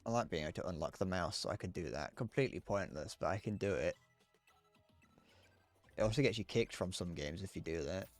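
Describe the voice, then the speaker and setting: A man's voice: low voice, animated, brisk, faint music behind. A man chatting casually while streaming a game, rambling, swearing, and stammering through restarts. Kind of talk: casual live-stream chat while gaming.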